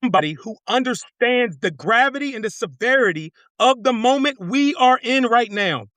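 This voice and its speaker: Man, congressional candidate, passionate, repeats himself, bright tense tone. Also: very high-pitched, lively intonation, moderate pace, no room sound. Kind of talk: fired-up casual talk.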